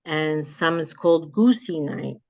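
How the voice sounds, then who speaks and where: Woman with a North Jersey accent, chatty storyteller, slightly low voice, dull lo-fi call audio. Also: expressive, a little slow, gravelly, darkish tone, dry recording. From New Jersey. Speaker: guest, memoir author. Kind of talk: casual interview chat.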